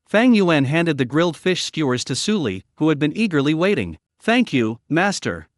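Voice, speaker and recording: Male narrator for a story recap, animated and a bit high, dry voice-over. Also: fairly quick, no room sound.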